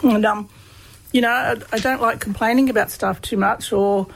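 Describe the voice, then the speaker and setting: A woman's voice: on the high side, steady tone, normal speed, vocal fry, slight background noise, low-quality recording. An Australian woman telling a personal story as an interview guest, chatty and laughing often as she talks. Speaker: guest, PhD researcher on humour.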